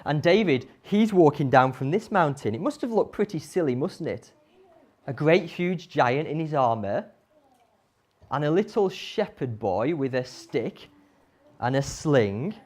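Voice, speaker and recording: A woman telling a Bible story to children in an animated way, often asking them questions. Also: sits low, a little slow. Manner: animated, asks the audience questions.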